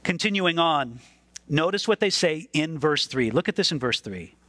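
A man's voice: a little high, animated, normal speed, bright, forceful tone, no room sound. A man preaching a sermon as pastor, earnest and emphatic, repeating words as he stresses a point.

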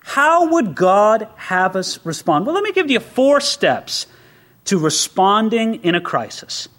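A man's voice: sits high, very animated, a little slow, a bit bright. A male pastor preaching a sermon, with acted asides and everyday examples.

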